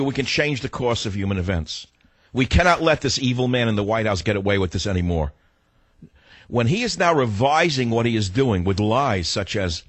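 His voice hoarse from being sick, a man hosting talk radio delivers an argumentative rant, jumping higher in pitch as he gets worked up. The recording carries no room sound.

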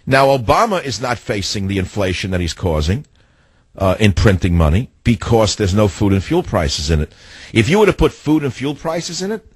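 A man's voice: on the low side, breathy edge, no echo. A man hosting a call-in radio show, ranting his opinions indignantly between callers. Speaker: talk radio host. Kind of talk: call-in radio talk and monologue.

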